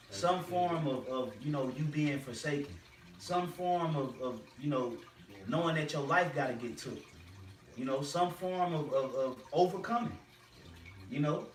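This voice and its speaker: Man, higher voice, preaching with emphasis and slang; far from the mic in a roomy space. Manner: emphatic, repetitive, uses slang. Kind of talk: preaching group discussion. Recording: roomy and distant with faint noise.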